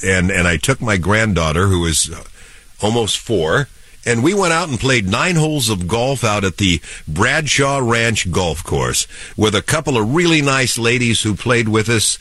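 Older guy in his 60s, stuffed-up nasal head cold voice, really low, dry sound, rambly chat. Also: very animated, measured pace, fairly bright tone, no room sound. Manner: rambling storyteller with many restarts and fillers. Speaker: radio show co-host. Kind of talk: casual chat.

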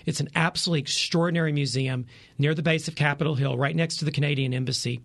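A man's voice: on the high side, fairly even intonation, quick pace, creaky, fairly bright tone. A man in his forties, a travel reporter giving tips in a radio interview, eager and full of ums and uhs. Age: 40s. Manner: enthusiastic, many fillers.

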